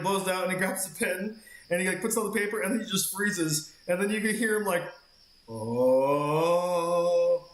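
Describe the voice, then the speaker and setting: A man's voice: high voice, fairly bright tone, roomy sound. A man streaming a game, telling a long rambling story in casual chat and swearing freely. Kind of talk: casual chat while gaming.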